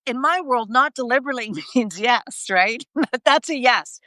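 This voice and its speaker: A woman's voice: on the high side, normal speed, bright, forceful tone, no room sound. A woman co-hosting a casual live conversation, talking in an emphatic, chatty way and checking her notes. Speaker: co-host.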